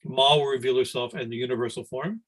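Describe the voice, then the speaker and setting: A man's voice: mid-range voice, fairly even intonation, quick pace, low-quality recording. A middle-aged man, a swami, giving a spiritual discourse to students over a video call, talking loosely with many restarts and asides of "right?". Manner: rambling, conversational, frequent "right?" and restarts. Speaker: swami teaching scripture class.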